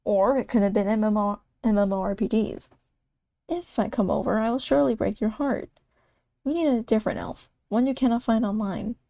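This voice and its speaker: A woman's voice: on the high side, brisk, gravelly, dark tone, no room sound. A woman voicing a teasing young woman who poses as an elf bard, in a flowery, mock-solemn manner. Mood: frank.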